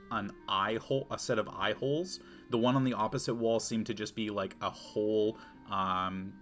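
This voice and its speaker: Man, game master, low-pitched, measured narration, faint music behind. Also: fairly bright tone. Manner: measured, descriptive narration with fillers.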